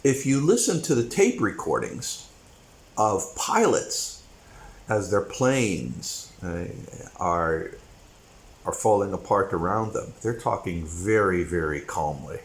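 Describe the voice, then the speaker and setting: A man with a somewhat low voice talks through an opinionated monologue. He rambles, then punches certain points with sudden emphasis. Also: very animated, slow, poor audio. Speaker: commentary channel host.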